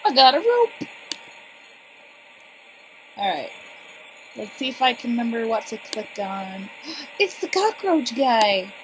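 A woman talks her way through a point-and-click game in a bright, higher voice, chatting to her viewers and getting excited as she goes. Her voice sits over a steady bed of background noise. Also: takes it slowly, long pauses. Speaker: let's play gamer. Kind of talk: casual gameplay commentary.

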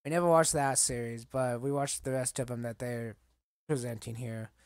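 A man in a casual collecting vlog, talking haltingly and getting choked up, rambling with many fillers. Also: medium pitch, fairly even intonation, darkish tone, no room sound, clean studio sound. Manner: halting, emotional, choked up at times. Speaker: collector vlogger.

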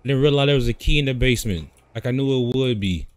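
A young man playing a horror game and commenting, often yelling and swearing at the game. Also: mid-range voice, fast talker, heavy background noise. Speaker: gaming streamer. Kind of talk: gameplay commentary.

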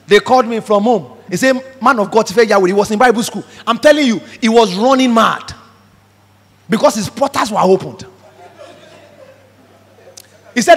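A man's voice: high-pitched, animated, normal speed, long pauses, fairly bright tone, slightly rough. A man preaching a sermon emphatically, acting out the voices he quotes. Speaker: pastor. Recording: reverberant hall.

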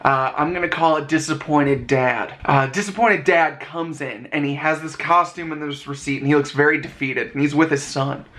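A man with a hoarse, worn-out voice, telling stories in a casual vlog and laughing often. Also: a little high, steady tone, normal speed, few pauses, pushed and bright, a little hiss or hum. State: hoarse, lost voice. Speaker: vlogger.

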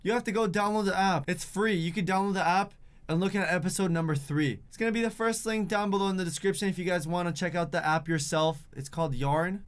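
A man with a high, light voice talks through a casual reaction vlog. He is jumpy and chatty, piling up "like"s as he reacts. Faint music plays underneath. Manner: excitable, jumpy, chatty with many "like"s. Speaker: YouTube reaction host. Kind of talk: casual reaction commentary, reading a chat story aloud.

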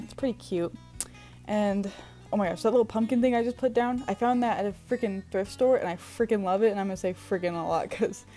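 A young woman chatting casually in a home vlog voice-over, giggling often and scolding herself as she goes. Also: medium pitch. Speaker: vlogger. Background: soft guitar music.

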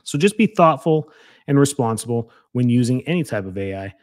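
A man's voice: medium pitch, expressive, a little fast, a little mellow, no echo. A man hosting a podcast as a chiropractor, talking casually and energetically, rambling with restarts and fillers.

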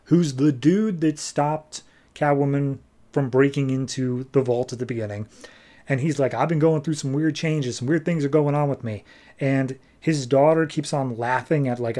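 A man hosting a podcast, casually recapping a comic book issue in an offhand, quick way and briefly acting out the characters' lines. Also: mid-range voice, mellow. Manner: quick, offhand retelling, dropping into brief quoted voices. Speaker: podcast host.

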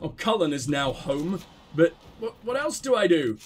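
Male game commentator, high voice, flustered and swears casually. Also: sing-song, normal speed. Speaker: gaming channel host. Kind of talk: gameplay commentary.

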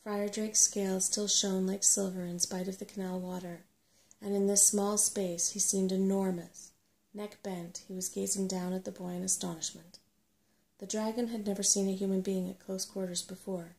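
A woman reads a storybook aloud in a soft-spoken ASMR manner. Her delivery is gentle and unhurried. A light gravelly texture runs through her voice. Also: mid-range voice, flat delivery.

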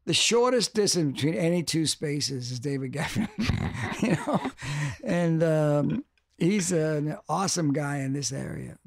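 A man's voice: a little high, lively intonation, measured pace, vocal fry, no echo, clean studio sound. An older man talking as a podcast guest, rambling, restarting and repeating for emphasis. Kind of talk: casual interview talk.

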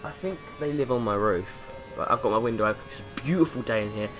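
A young Englishman, a gaming YouTuber, talks fast in a mid-range voice, giving rambling, jokey commentary over a racing game and now and then putting on silly voices. He's in his bedroom with the window open, and music plays in the background.

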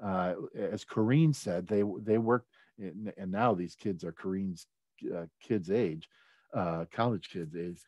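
Low-voiced man telling a story. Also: measured pace, darkish tone, dry recording. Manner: conversational, many fillers and restarts, gets choked up. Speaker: speaker at a leadership talk. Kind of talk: personal storytelling talk.

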